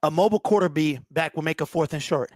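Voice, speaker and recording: A man's voice: fairly high pitch, a little fast, darkish tone, no echo, clean studio sound. A man hosting a postgame fan call-in show, ranting in a heated, exasperated way and repeating himself.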